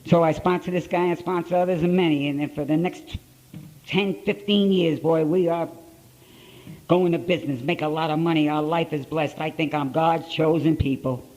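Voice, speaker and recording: Gruff, blunt older man telling his story. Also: on the high side, fairly even intonation, moderate pace, darkish tone, poor audio. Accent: Ohio. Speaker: speaker at a recovery conference. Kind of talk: storytelling talk at a conference. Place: conference hall, live talk to an audience.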